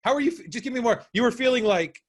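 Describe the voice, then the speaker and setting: A man's voice: extremely high pitch, animated, fast talker, breathy edge. A man hosting a podcast interview, rambling and playful with lots of fillers. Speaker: podcast host and exam coach.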